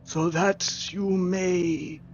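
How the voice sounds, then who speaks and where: A man voicing an ancient mummified male herald who makes slow, grandiose proclamations. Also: sits high, steady tone, faint music behind, voice pushed up, exaggerated voice. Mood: imperious. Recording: dull lo-fi recording.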